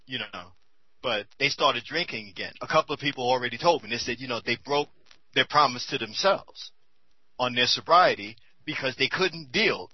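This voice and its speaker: A man's voice: mid-range voice, breathy edge, no echo, dull audio. A tired man talking candidly and casually, rambling with many fillers. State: tired and a bit high. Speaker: commentator on a talk show.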